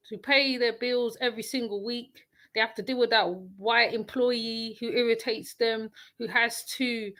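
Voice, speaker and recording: A woman's voice: a little high, sharp tone. A woman giving casual reaction commentary in a blunt, rambling way, often repeating herself.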